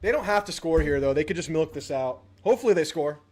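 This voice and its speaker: A man hosting a live watch party, excitedly reading names from the chat. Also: on the high side. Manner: rapid-fire reading of chat names, hyped. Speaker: livestream host. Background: loud music playing.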